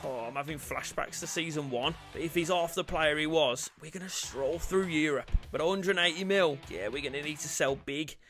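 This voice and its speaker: Lad, high voice, shouty game commentary with cheeky jokes, faint music underneath. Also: male voice, brisk, few pauses. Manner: loud outbursts, cheeky banter. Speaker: gaming YouTuber.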